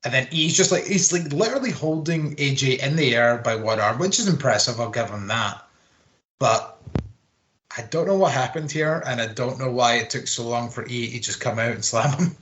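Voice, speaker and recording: A man with a bright, forward voice talks through a wrestling match play by play. He rambles, swears casually and fills pauses with ums and uhs, like a relaxed podcast co-host. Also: mid-range voice, a little hiss or hum. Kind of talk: casual wrestling recap chat.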